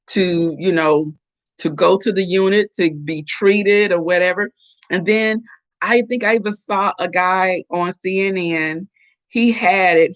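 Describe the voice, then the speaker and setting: A middle-aged woman hosting a casual live chat, animated and chatty as she reacts to viewer comments. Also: on the low side. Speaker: host.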